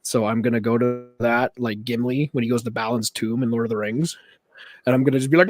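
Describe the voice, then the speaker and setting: A man's voice: medium pitch, fairly quick, no room sound. A man from Canada co-hosting a wrestling podcast, chatting casually and joking around. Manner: animated, jokey, acts out voices. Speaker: podcast co-host. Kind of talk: casual chat.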